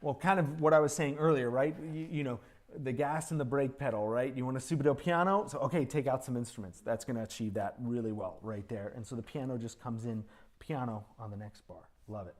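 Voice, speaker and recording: Man running a composition master class in a music school rehearsal room. His voice sits at a middle pitch. He is encouraging and sings out rhythms to show phrasing. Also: steady tone, fairly quick, darkish tone. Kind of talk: coaching a student composer at a rehearsal.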